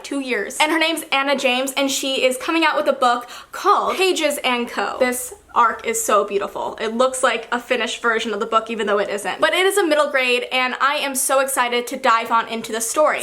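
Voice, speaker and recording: A high-pitched American woman with a bright, sharp tone, talking casually to her viewers. She sounds bubbly and enthusiastic, a book vlogger chatting to her audience. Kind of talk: casual vlog chat.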